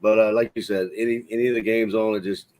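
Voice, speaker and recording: Brief: male guest co-host, Southern accent, lowish voice, fast folksy chat. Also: level tone, a little mellow. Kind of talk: casual sports podcast chat.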